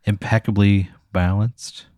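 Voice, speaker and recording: A man narrating a tabletop role-play game as game master, telling scenes in a loose, profane, vivid way. His voice sits a little low, and it is recorded close and dry. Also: flat delivery, unhurried, warm tone, no echo. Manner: casual, profane, vivid storytelling.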